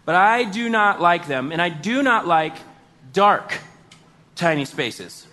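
High, bright-voiced man telling a funny story. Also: takes it slowly. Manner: animated, self-mocking, exaggerated outbursts. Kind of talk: comedic personal storytelling.

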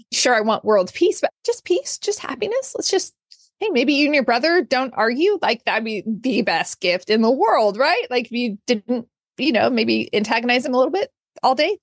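A woman's voice: a little high, no room sound, clean studio sound. A middle-aged woman hosting a motivational podcast, talking earnestly and expressively, laughing often and acting out little quotes. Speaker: podcast host.

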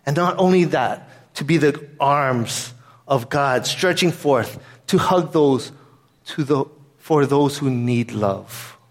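A man's voice: mid-range voice, slow. A man pastor giving a sermon in an earnest, conversational way, weaving in a personal story.

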